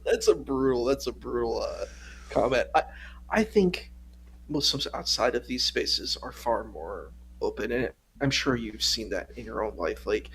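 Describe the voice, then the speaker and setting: A man on a casual stream chat, telling an animated story that grows heated as he objects. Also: mid-range voice, unhurried, slightly rough. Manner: animated storytelling, voice rising when indignant. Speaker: guest.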